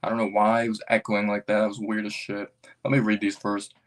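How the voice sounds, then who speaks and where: A man hosting a casual livestream as a basketball fan, rambling and thinking out loud with excitable bursts. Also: on the low side, brisk.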